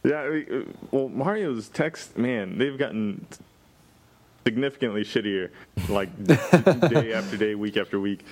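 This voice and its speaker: A man's voice: mid-range voice, expressive, measured pace, darkish tone, a little hiss or hum. A man co-hosting a podcast, joking and teasing in casual banter. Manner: teasing, wisecracking. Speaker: podcast co-host.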